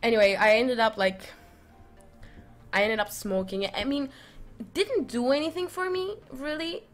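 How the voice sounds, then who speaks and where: A woman's voice: a little high, normal speed, faint music behind. Rambling young woman telling a story. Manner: rambling, animated, many fillers and restarts. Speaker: vlogger. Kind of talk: casual storytelling.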